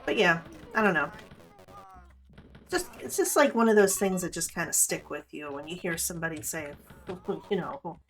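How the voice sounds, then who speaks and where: Female streamer, 30s, low-set voice, profane and rambling gameplay chatter over soft game music. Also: lively intonation, moderate pace. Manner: profane, rambling, candid storytelling. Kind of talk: casual gameplay commentary.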